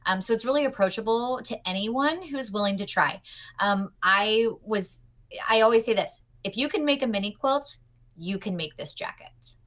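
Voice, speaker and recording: A woman's voice: mid-range voice, expressive, normal speed, a bit bright. A young adult woman demonstrating a sewing pattern over a video call, upbeat and chatty as she teaches step by step. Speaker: pattern designer guest.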